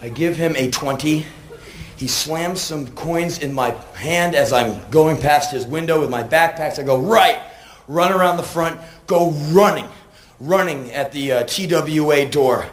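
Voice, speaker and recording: A man telling a comic personal story, acting out the people in it with sudden shouted outbursts. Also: a little high, measured pace. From United States. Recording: roomy echo with faint ambient noise.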